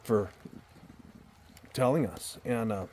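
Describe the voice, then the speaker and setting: A faint hiss or hum sits under a man's fairly low, dark voice as he speaks slowly in a backyard at night. The storyteller vlogger rambles earnestly and casually through a personal story, often repeating himself and starting over.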